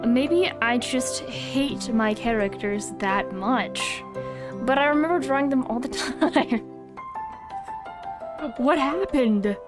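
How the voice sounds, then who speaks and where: A young woman streaming, talking in a casual, flustered and self-mocking way. Her voice sits a little high and she speaks slowly. The sound is dry and close, with soft music underneath. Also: animated. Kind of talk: casual livestream chat.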